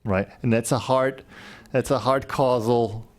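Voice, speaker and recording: A man's voice: medium pitch, fairly even intonation, a little slow. A man on a panel explaining a point and telling anecdotes, often checking in with a tag question. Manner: tells anecdotes. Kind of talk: panel discussion answer.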